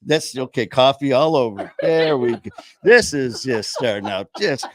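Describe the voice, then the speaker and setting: A man's voice: medium pitch, lively intonation, normal speed, no room sound. A man hosting a casual chat show from a home studio, rambling with many fillers and restarts. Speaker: podcast host. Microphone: headset.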